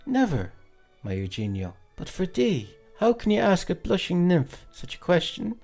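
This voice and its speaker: A man doing a shrill, melodramatic young woman. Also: huge pitch swings, normal speed, darkish tone, faint music behind, full character voice. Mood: languishing. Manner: high falsetto, melodramatic sighing.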